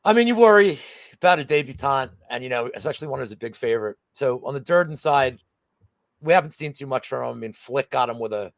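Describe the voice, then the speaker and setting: A man's voice: medium pitch, fast, creaky, no echo. A man co-hosting a betting show in casual chat, rambling with lots of fillers and restarts.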